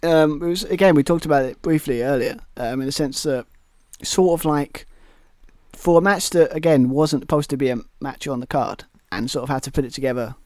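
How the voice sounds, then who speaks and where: On a wrestling podcast, this British co-host rambles through casual chat full of fillers and false starts. He talks fairly quickly in a slightly high, slightly mellow voice, captured in clean studio audio without room sound.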